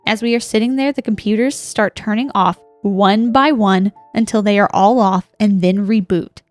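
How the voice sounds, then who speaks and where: A woman's voice: medium pitch, moderate pace, dry recording, soft background music. A young woman co-hosting a podcast, reading a listener's ghost story aloud in a dramatic storytelling manner. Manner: dramatic storytelling, reacts with gasps and laughs. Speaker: podcast co-host.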